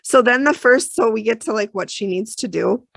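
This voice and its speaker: A woman co-hosting a podcast, talking in a casual, emotional way with lots of fillers and restarts. Her voice is mid-pitched with a gravelly fry. The sound is dry and close. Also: normal speed, fairly bright tone, no echo. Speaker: podcast co-host recapping an episode. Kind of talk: casual chat.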